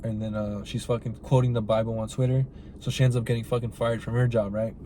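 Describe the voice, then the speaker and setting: Rambling, profane man with a mellow voice. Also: mid-range voice, level tone, fast talker, slight background noise. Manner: rambling and profane, heavy use of "like" and "right?". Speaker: podcast host reviewing a film. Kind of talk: casual spoken review.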